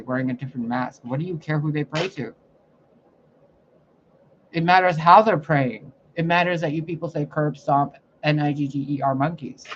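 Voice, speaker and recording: A man delivering a profane, confrontational spiritual rant as a psychic reader. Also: a little high. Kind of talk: ranting spiritual monologue. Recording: muffled lo-fi recording, faint noise.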